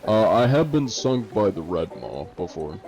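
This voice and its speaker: A man's voice: lowish voice, sing-song, normal speed, darkish tone, faint music behind, poor audio. A man streaming a game, chatting casually and swearing now and then. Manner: laid-back, swears casually. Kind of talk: casual gameplay chat.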